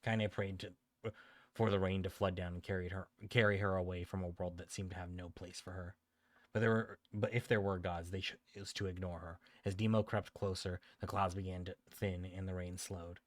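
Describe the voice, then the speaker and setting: A man reading a dark story aloud on a stream, often stumbling and correcting himself. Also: low voice, level tone, moderate pace, dry recording. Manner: frequent stumbles and self-corrections.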